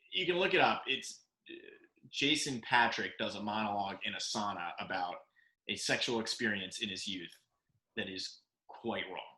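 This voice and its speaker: A podcast co-host with a fairly low voice tells a story in a casual, animated way, laughing often and acting out what people said. The recording has a roomy echo.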